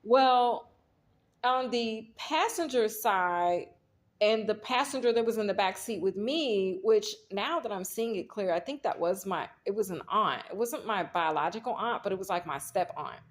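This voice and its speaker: A woman's voice: medium pitch, lively intonation, moderate pace. A woman, casually telling a story while reading tarot cards, rambling and speaking straight to her viewers. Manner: rambling, talks straight to viewers, retells scenes quoting herself. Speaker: tarot reader.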